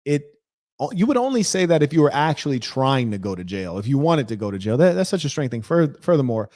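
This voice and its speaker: A man's voice: medium pitch, very animated, quick pace, darkish tone, no room sound, clean studio sound. A man hosting a reaction video, speaking in an indignant, rambling and emphatic way. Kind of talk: reaction commentary.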